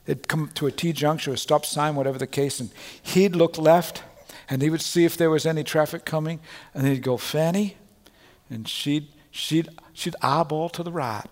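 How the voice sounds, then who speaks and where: A middle-aged man preaching from the pulpit with a fairly high voice for a man. The sound carries a long reverb from the hall around him. He is earnest, rising to loud proclamations and then dropping to quiet, personal asides. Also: normal speed. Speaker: pastor. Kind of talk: sermon. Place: church sanctuary.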